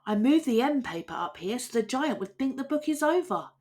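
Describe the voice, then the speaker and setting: A woman voicing Jack, a cheeky, boastful boy, talking fast and excitedly in a storybook reading. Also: sits high, voice pushed up. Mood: hushed. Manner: quick, excited, chatty.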